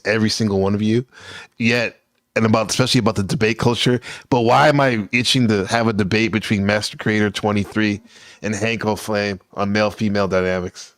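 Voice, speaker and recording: A man's voice: fairly low pitch, no echo. A man hosting a casual panel show, teasing his guests with loose, profane banter. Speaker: host.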